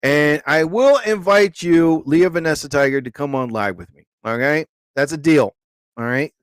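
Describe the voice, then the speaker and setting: Man, live stream host, casual, rambling, jokey, high voice, dry sound. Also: moderate pace, smooth, no room sound. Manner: rambling, jokey, talks to viewers.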